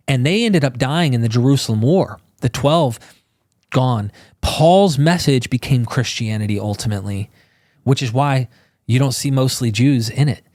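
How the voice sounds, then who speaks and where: A man talking casually as a podcast guest, animated and informal, acting out quotes in exclaiming voices. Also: mid-range voice, dry recording, studio quality. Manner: casual, swears and says bro.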